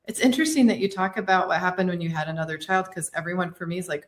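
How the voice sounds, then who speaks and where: A woman's voice: lowish voice, racing, few pauses. A woman hosting a podcast interview, sharing her own experience in an empathetic, reflective way. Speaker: podcast host. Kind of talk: conversational interview.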